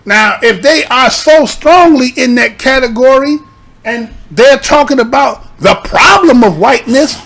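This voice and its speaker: A man's voice: extremely high pitch, fairly bright tone. A man giving casual, profane vlog commentary, rambling and argumentative, leaning on rhetorical tags like "right?" and "you understand?". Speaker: YouTube commentator.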